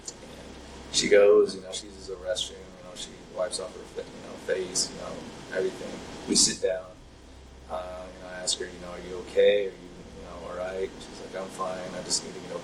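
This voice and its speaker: Young guy telling his story, low voice, lots of ums, mic a bit far, faint hiss. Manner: hesitant, rambling, many fillers. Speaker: interview subject. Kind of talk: recounting events in an interview. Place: interrogation room. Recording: distant mic, faint noise.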